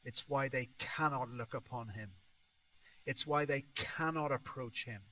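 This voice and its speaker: A man preaching a sermon, slow and emphatic, swelling on repeated words and dropping soft at the ends of his points. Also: medium pitch, rough recording.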